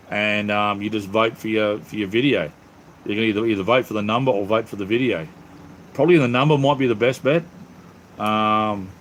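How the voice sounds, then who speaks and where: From home, an Australian host runs a laid-back live stream, going through the live chat and chatting cheerfully, calling viewers mate and brother. His voice is on the low side, and there's slight background noise.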